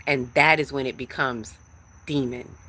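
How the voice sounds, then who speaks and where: A woman's voice: rumbling low, fairly even intonation, unhurried, bright, forceful tone. A woman giving a live-streamed spiritual talk, emphatic and repetitive, speaking straight to her viewers. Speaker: livestream spiritual teacher.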